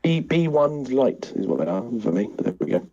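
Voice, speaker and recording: A man's voice: medium pitch, sing-song, normal speed, muffled recording, a crowd in the background. A British man chatting casually as a guest, wry and self-deprecating. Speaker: guest player. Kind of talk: casual chat.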